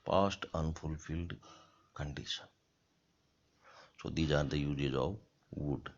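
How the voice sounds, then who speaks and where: A male college lecturer from India gives a grammar lecture in a slow, deep voice. He speaks deliberately and repeats example sentences, and the lecture recording is dull and lo-fi.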